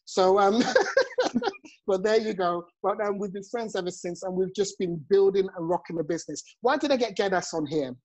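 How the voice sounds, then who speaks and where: A man's voice: sits high, normal speed, a little mellow, poor audio. A man in his forties hosting a motivational live chat over a phone, effusive and chuckling often. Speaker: host and network marketing coach.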